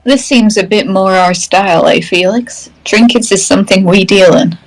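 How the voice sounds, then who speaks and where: A woman's voice: mid-range voice, normal speed, low-quality recording. A woman playing a tabletop game, speaking in character in an easygoing way. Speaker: player. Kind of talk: in-character casual play.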